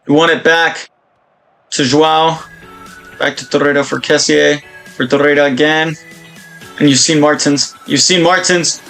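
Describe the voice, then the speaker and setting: A young man talks through his football video game in a casual, running commentary. His voice sits a little high, and he breaks into loud, excited shouts when something big happens. Faint music plays underneath. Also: normal speed. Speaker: gaming YouTuber.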